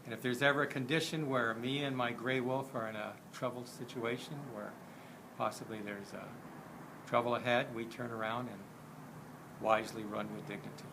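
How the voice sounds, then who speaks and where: A man telling a story in a halting, unhurried way, with frequent pauses and fillers. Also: medium pitch, fairly even intonation, vocal fry, background noise. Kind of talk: spoken storytelling.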